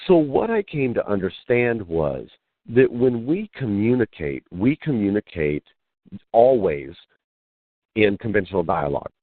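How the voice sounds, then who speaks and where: This call-in radio guest, a spiritual teacher, is an animated storyteller who performs the dialogue he quotes. He speaks unhurriedly in a lowish male voice, and the phone-line audio is dry with no room sound.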